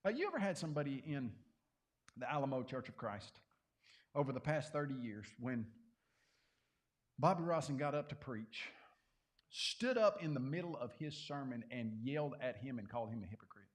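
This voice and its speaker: A man teaching a Bible class to a congregation, conversational and animated, often questioning his listeners. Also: medium pitch, moderate pace, pauses often.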